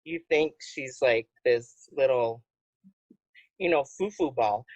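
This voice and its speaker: A woman co-hosting a podcast remotely, telling stories in an unhurried casual way. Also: a bass voice, darkish tone, dry recording, lo-fi sound. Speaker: podcast co-host. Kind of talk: casual chat.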